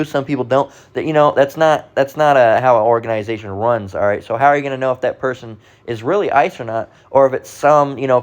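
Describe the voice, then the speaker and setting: A man's voice: medium pitch, muffled recording. A man giving impassioned religious commentary as a preacher, rambling and repetitive, swearing freely and groping for words. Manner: rambling, repetitive, profane, restarts and gropes for words. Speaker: street preacher.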